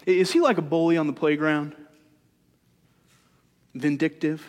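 Male pastor, slightly high voice, conversational sermon delivery with rhetorical questions, long hall echo. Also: fairly even intonation, a little slow, dull audio.

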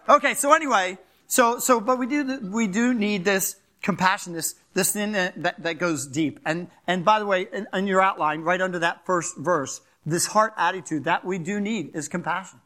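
An older male pastor with a Philadelphia accent preaches in a fast, animated way and keeps checking in with his listeners. His voice sits high for a man and has a bright, forceful edge. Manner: animated, fast-talking, asks the crowd "right?". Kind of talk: sermon.

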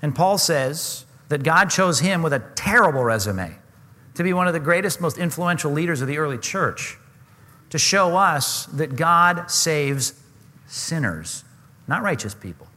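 A man's voice: a little high, expressive, measured pace, sharp tone, big-room sound. A man preaching a sermon, earnest and emphatic, often asking his listeners questions. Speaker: pastor.

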